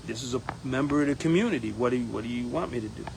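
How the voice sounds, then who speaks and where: A man speaking in a casual campaign monologue as a union steward, animated and acting out others in quotes. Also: medium pitch, rapid-fire, gravelly, slight background noise, rough recording. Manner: animated, acts out members' voices in quotes. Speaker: union steward running for president.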